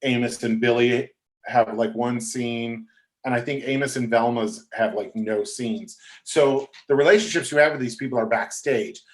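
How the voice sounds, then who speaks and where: A man, a guest on a podcast, telling casual, animated anecdotes and quoting other people. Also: mid-range voice, moderate pace. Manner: chatty, animated anecdotes with quoted voices.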